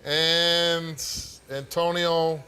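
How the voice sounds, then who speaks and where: A man's voice: fairly high pitch, little pitch movement, extremely slow, bright, forceful tone. Blunt man talk show host. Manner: direct, blunt. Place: TV studio.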